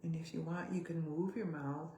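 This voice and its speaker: A woman coach leading a guided body exercise session, giving gentle step-by-step cues and sighing out loud along with the listeners. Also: low voice, steady tone, a little hiss or hum. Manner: gentle, slow cues with audible sighs. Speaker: somatic coach. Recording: roomy echo.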